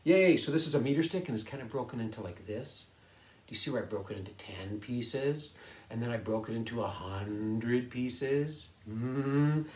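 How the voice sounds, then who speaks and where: A man's voice: medium pitch, darkish tone. Chatty man teaching science in an echoey room. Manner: chatty, upbeat, laughs often, asks students to follow along. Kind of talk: casual classroom video lesson.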